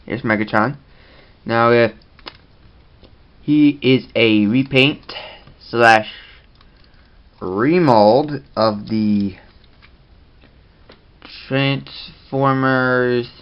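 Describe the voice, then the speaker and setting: A man hosting a casual toy review vlog, talking in a rambling, halting way. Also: mid-range voice, dull audio.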